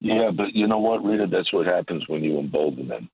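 A man with a low, husky voice drives home his points again and again in forceful political commentary. He comes through a narrow, tinny phone line that sounds dry and close. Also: expressive, a little fast. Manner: emphatic, repetitive, indignant. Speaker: guest commentator.

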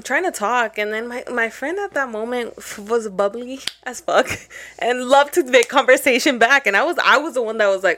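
A woman's voice: a little high, normal speed, a bit bright. A young woman co-hosting a podcast, telling a story in casual chat with lots of swearing and Spanish phrases mixed in. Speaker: podcast co-host.

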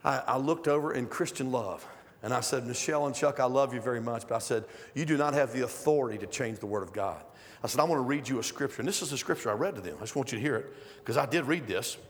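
A middle-aged male guest preacher giving a conversational sermon full of stories, building to loud, emphatic stretches. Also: medium pitch, quick pace. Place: church sanctuary. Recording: long hall reverb.

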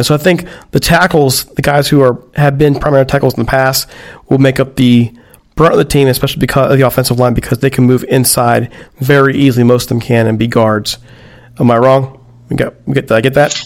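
A man hosting a casual sports podcast, rushing along at a brisk clip. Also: medium pitch, fairly even intonation. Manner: brisk, rushes through reads. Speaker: podcast host.

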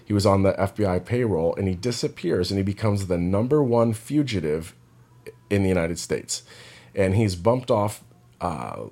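A man with a somewhat low voice, speaking to his audience in a loose, reflective monologue. He wanders through the story, stumbling over and repeating words as he searches for the next thought. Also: a little mellow. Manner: rambling, with many restarts and repeated words. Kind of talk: casual spoken monologue.

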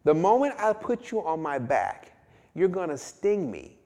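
A man's voice: a little high, sing-song, a little slow, warm tone, voice pushed up. A man voicing a wary male frog who stammers out his doubts in a sermon fable. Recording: long hall reverb.

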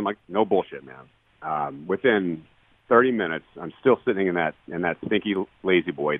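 A man in his forties speaks quickly in a very low voice, blunt and profane but earnest as he tells his story. The sound is dry and thin, squeezed through a narrow phone-like line. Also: dry recording. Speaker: guest, retired baseball player. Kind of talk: candid podcast storytelling.

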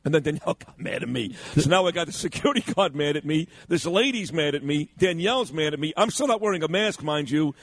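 A man's voice: on the high side, animated, fast talker, hardly any pauses. A man co-hosting talk radio, telling a story with indignant emphasis and acting out the exchanges. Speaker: radio talk show co-host.

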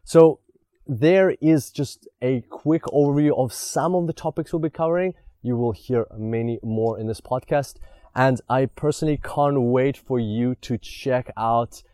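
A man's voice: medium pitch, a little slow, warm tone, no echo. A man hosting a podcast, a native Russian speaker, talking with eager energy and lots of fillers like "like". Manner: enthusiastic, filler-heavy, says "like" often. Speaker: podcast host. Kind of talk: podcast intro and interview.

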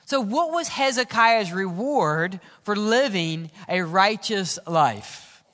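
A middle-aged man preaching a sermon as pastor, building intensity and then dropping to soft, low tones on key lines. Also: expressive, slow. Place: church sanctuary. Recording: reverberant church sanctuary.

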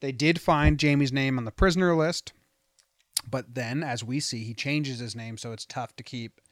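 A man co-hosting a podcast, chatting casually and rambling with frequent laughs. His voice is mid-pitched and sounds dry and close to the mic. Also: moderate pace, no room sound. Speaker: podcast co-host. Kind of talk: casual chat about a TV show.

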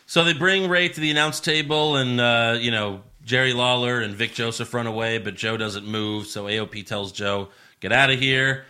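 A man's voice: medium pitch, fairly even intonation, moderate pace, hardly any pauses, bright, forceful tone. A man hosting a casual podcast chat, with a loose, sarcastic manner and a lot of swearing. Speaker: podcast host.

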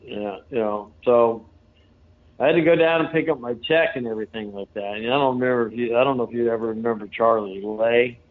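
A man's voice: medium pitch, a little fast. Rambling storyteller man on a phone line. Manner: rambling, folksy, lots of fillers. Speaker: interview guest. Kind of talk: casual storytelling. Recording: phone-like narrow sound.

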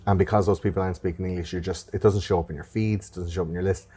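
A man's voice: sits low, steady tone, very fast, mellow, slightly rough. A man hosting a podcast, chatting loosely with sarcastic jokes and swearing. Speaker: podcast host. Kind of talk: casual podcast chat.

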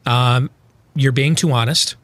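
A man's voice: steady tone, measured pace. A male talk show host, sarcastically paraphrasing others in comedic political talk with sudden put-on voices. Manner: sarcastic, mocking paraphrase with sudden high impressions.

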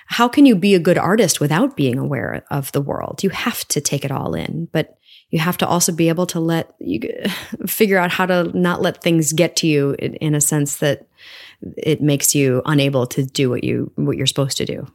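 A woman's voice: low voice, moderate pace, gravelly. A woman in her forties, a stage actress, talking reflectively as a guest in a casual interview, with many restarts. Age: 40s.

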